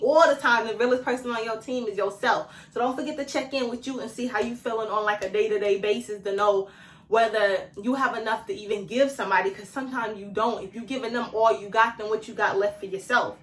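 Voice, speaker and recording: A woman vlogger giving self-care tips in a casual, slangy, chatty way, talking straight to her viewers and laughing often. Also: fairly high pitch. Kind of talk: casual talk to camera. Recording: echoey room, mic at a distance.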